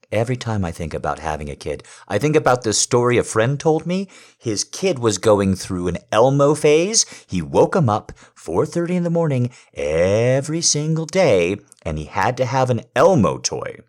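A man speaking to a partner in an intimate role-play monologue, earnest and pleading, swinging from hushed to loud. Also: mid-range voice, sing-song, normal speed. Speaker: partner persuading someone to have a baby.

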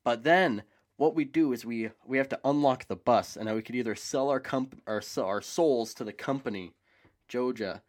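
A man co-hosting a casual chat, rambling excitedly and swearing casually. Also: medium pitch, normal speed. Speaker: podcast co-host.

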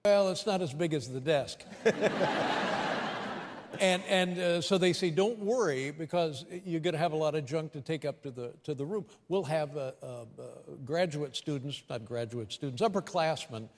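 A man's voice: on the high side, moderate pace. An older man, a guest on a talk show, tells a wry personal story with chuckles, heard as a broadcast clip that is played back. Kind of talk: anecdotal storytelling. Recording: played from a broadcast, long reverb.

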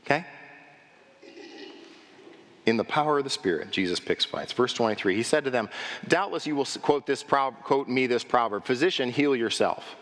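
A man's voice: mid-range voice, normal speed, long pauses. Preaching man in a reverberant church. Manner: animated preaching, asks the congregation questions, acts out crowd voices. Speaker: pastor. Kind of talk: sermon. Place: church sanctuary. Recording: long hall reverb.

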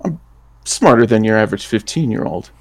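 A man playing in a tabletop role-playing game, talking in a relaxed, rambling way and laughing often. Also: lowish voice, a little fast. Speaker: player.

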